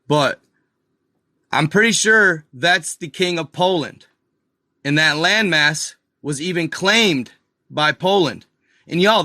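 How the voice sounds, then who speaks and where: Man, live-stream host, slow rambling talk, y'all to viewers, exasperated mutters, bright voice, dry close sound. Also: high voice, no room sound. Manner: exasperated asides, mutters to himself. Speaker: channel host. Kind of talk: casual live-stream commentary over a map.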